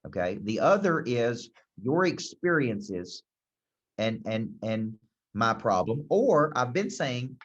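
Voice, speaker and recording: A man's voice: medium pitch, a bit bright, husky. A man giving emphatic sales coaching advice, repeating key phrases for punch. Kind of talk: motivational coaching talk. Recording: dull lo-fi recording.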